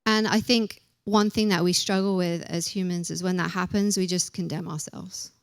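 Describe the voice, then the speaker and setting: A woman's voice: fairly low pitch, steady tone, normal speed, no echo, clean studio sound. A young woman preaching a casual sermon in a chatty, self-deprecating way, acting out little quotes as she goes.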